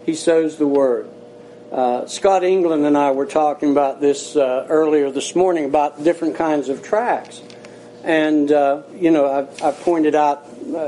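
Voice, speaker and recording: A man preaching a sermon as pastor, earnest and folksy, slowing down to stress key points. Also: high-pitched, warm tone, slight background noise, poor audio. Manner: earnest, folksy, slows for emphasis.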